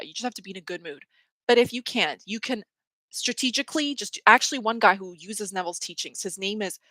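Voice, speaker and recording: A woman hosting a livestream tells a rambling story in casual chat, full of "like" and laughing mid-sentence. Her voice has a medium pitch and fairly bright tone, with no echo.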